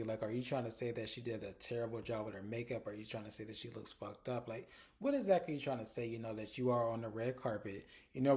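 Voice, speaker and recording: A man with a mellow, relaxed voice recaps a reality TV episode in a loose, chatty way. He swears freely and throws his voice up high when he acts out what the cast said. The tone is casual commentary straight to his viewers. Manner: animated, profane, quotes people in exaggerated voices.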